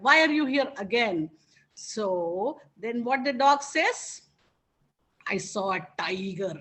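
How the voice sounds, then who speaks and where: A woman's voice: high voice, fairly bright tone, rough recording. A woman teacher telling a fable to a class and often asking her listeners questions. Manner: interactive, asks the listeners many questions. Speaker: spiritual teacher. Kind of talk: storytelling to a class.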